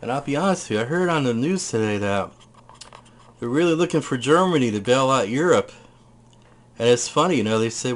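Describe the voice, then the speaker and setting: A man's voice: medium pitch, animated, brisk, pauses often. A man casually showing off his purchases, talking in a chatty, rambling way. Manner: chatty, rambling, tells stories; eats while talking.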